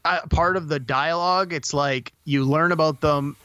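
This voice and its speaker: A man's voice: a little high, moderate pace, bright, forceful tone, clean tone, no echo. A middle-aged man co-hosting a casual movie review podcast, speaking earnestly and thoughtfully. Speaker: podcast co-host.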